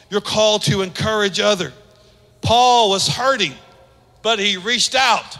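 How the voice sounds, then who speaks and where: A man's voice: high-pitched, pushed and bright. A man preaching a sermon in a conversational way, acting out quoted speech as he goes. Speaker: pastor. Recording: long hall reverb.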